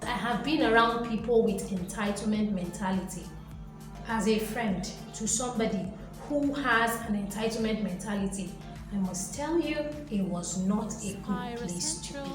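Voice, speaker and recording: Animated woman lecturing in an echoey room. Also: medium pitch, moderate pace. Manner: animated, lecturing, acts out voices. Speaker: motivational vlogger. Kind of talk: motivational talk to camera. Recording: very echoey room, faint music behind.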